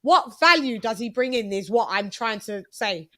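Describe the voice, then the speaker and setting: A woman's voice: a little high, expressive, bright, forceful tone. A British woman hosting a live boxing chat stream, talking casually and reading viewer messages. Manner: chatty, fast restarts, reads super chats. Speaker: boxing channel host.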